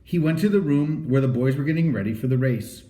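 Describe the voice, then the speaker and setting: A man reads a children's story aloud with a lively, rising and falling delivery and a mellow, soft-edged tone. His narration is animated and expressive. The recording has a noticeably roomy echo. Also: medium pitch, brisk. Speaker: audiobook reader.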